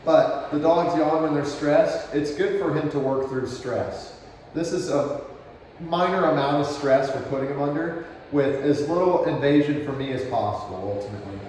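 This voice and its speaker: A man working as a dog trainer, explaining his steps while he demonstrates, relaxed and praising the dog softly. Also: fairly high pitch, moderate pace, slight background noise. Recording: distant, roomy outdoor camera audio.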